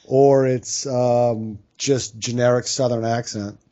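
Deadpan podcast guest from New Orleans, mellow, dull lo-fi mic. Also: male voice, mid-range voice, slow pace. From New Orleans, Louisiana. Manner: dry, deadpan one-liners. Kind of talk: casual sports podcast chat.

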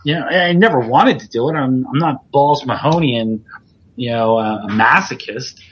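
A man's voice: medium pitch, normal speed, fairly bright tone, lo-fi sound, a little hiss or hum. A man, a veteran pro wrestler hosting a podcast, talking casually in a rambling, self-deprecating way with restarts. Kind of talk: casual chat.

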